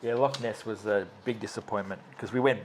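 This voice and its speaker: A man co-hosting a stitching channel, chatting casually with dry, matter-of-fact quips, seated on a bed in a dark room. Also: on the low side, steady tone, fairly quick, very noisy. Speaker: co-host of a stitching video channel. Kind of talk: casual chat. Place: dark bedroom, sitting on a bed.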